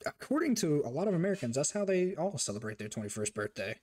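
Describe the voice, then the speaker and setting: A man in his twenties casually telling a funny story as a streamer, animated and profane, laughing as he talks. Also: fairly high pitch, fast.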